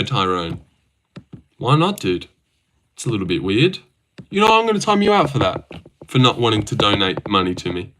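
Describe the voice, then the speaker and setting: A man's voice: on the low side, big pitch swings, moderate pace, bright, forceful tone. A young man livestreaming, casually reading viewer messages aloud and teasing his chat. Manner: reads viewer messages aloud and teases chatters.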